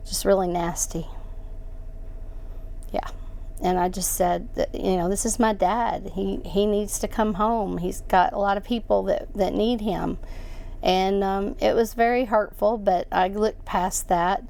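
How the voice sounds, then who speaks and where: A woman speaks as an interview guest, recounting a personal story. She sounds halting and emotional, often restarting her sentences in a medium-pitched voice. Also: steady tone, vocal fry, darkish tone.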